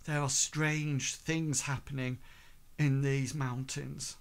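A man's voice: mid-range voice, little pitch movement, slow. A man voicing a frightened, injured young male miner who stammers and repeats himself in a tabletop game. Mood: shaken.

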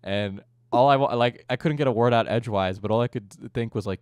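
A man's voice: mid-range voice, fast talker, a little mellow, clean tone, no echo, studio quality. A young man hosting a casual podcast chat, rambling and joking crudely. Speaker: streamer and host.

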